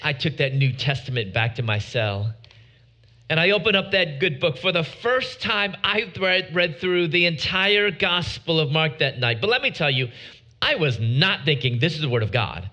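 A man giving his testimony to an audience, preaching with dramatic pauses and drawn-out words. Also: fairly high pitch, sing-song, bright, forceful tone.

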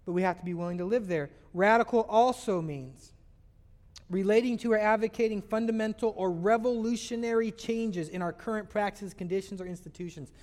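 A man with a notably high voice delivers a sermon in an earnest, preacherly way. He shifts between scripture reading and acted-out grumbles. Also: brisk, darkish tone. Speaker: pastor.

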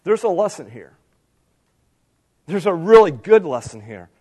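A man's voice: high voice, very animated, unhurried, darkish tone, breathy edge. A man preaching a sermon, speaking straight to his congregation and building emphasis on key lines. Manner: preaching with rising emphasis and direct appeals. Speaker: pastor.

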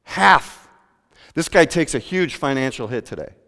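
A man pastor preaching a sermon in a church, telling the story with lively rhetorical questions. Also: medium pitch, measured pace, big-room sound.

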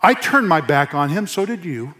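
A man preaching a sermon to his congregation in church, earnest, repeating phrases for emphasis and dropping to a soft hush. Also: on the high side, very animated, moderate pace. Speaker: pastor.

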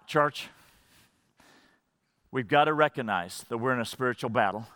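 Fervent preacher man with a bright voice. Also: no room sound, clean studio sound. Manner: swings from fervent rising emphasis to hushed low drops; repeats phrases for emphasis. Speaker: pastor. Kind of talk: sermon.

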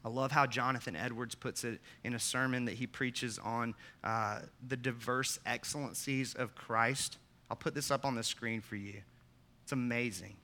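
Bright-voiced man preaching a sermon. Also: medium pitch, fairly even intonation, moderate pace. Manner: earnest preaching, rising to loud emphatic peaks; asks the listeners direct questions. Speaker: pastor.

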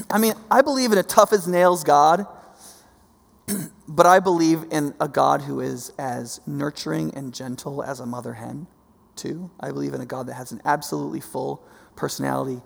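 A man preaching a sermon, animated, swinging from soft to loud and often repeating himself. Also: on the high side. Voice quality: gravelly. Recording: long hall reverb.

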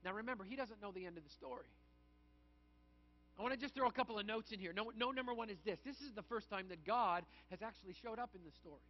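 A man preaching a sermon to his congregation, in an animated, conversational way, with acted asides. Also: high voice, fast, highs cut off. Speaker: pastor.

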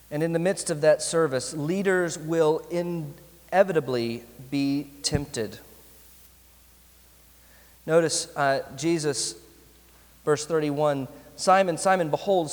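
A man preaching a sermon as pastor, earnest, slowing down to stress key phrases. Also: a little high, long reverb tail.

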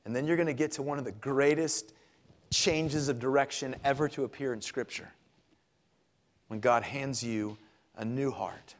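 A man preaching in a loose, conversational tone, leaning on words he repeats for weight. His voice sits at an ordinary middle pitch for a man, neither deep nor high. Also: fairly even intonation, normal speed, big-room sound. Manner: conversational, emphatic repetition. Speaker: pastor. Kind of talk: sermon.

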